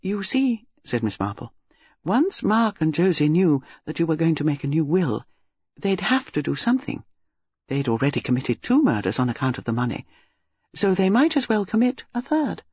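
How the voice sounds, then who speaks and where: Miss Marple, a man voicing a soft-spoken old spinster. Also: fairly high pitch, big pitch swings, moderate pace, slightly rough, no room sound, muffled recording, full character voice. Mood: quietly explaining. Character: shrewd elderly spinster sleuth, gentle and quiet. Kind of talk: audiobook character voice.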